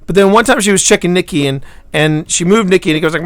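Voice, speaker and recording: A man hosting a live stream chats casually, telling a rambling story full of halting restarts and swinging between loud and hushed. His voice is high and the recording is dry.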